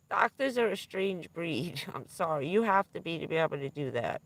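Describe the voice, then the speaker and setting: A woman's voice: fairly low pitch, expressive, a little slow, long pauses. A middle-aged woman telling a candid, profane story on a livestream, laughing now and then through hard news. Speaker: vlogger.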